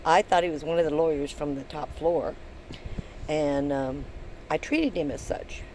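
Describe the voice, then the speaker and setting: A woman's voice: low voice, lively intonation, a little slow, mellow, a little hiss or hum, rough recording. An older woman vlogging from her van, telling a story in a chatty, rambling way with many ums and restarts. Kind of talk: casual storytelling to camera.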